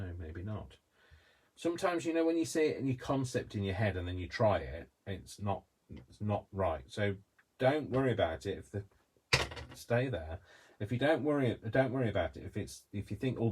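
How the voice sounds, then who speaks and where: Man, Coventry accent, low pitch, casual crafting tutorial, rambling. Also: a little hiss or hum. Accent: Coventry English. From Coventry, England. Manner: chatty, rambling, talks to himself while working.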